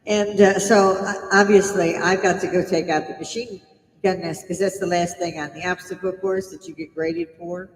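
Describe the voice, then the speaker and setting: A woman's voice: mid-range voice, measured pace, a little hiss or hum. An older woman in her seventies, chatting casually and laughing often as she tells stories on a live stream. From United States. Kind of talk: casual storytelling. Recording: echoey room with long reverb.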